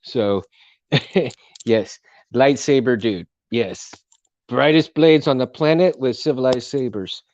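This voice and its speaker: A man hosting his own live stream, chatting casually with lots of fillers and restarts in a fairly monotone voice. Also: medium pitch, slow, no room sound, muffled recording. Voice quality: self-described monotone. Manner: rambling, full of fillers and restarts.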